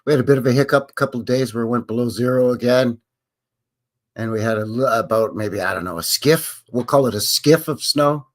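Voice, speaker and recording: A man's voice: mid-range voice, fairly quick. A Canadian man hosting a casual live stream, rambling and joking as he greets viewers by name. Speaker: livestream host.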